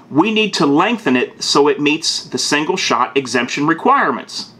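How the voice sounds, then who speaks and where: A man hosts a casual home video in a mid-range voice. He reads aloud in a stiff, emphatic way, then drops into quick, casual asides to the viewer. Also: mid-range voice, sharp tone. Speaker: gun video host. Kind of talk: reading aloud and commenting, casual vlog.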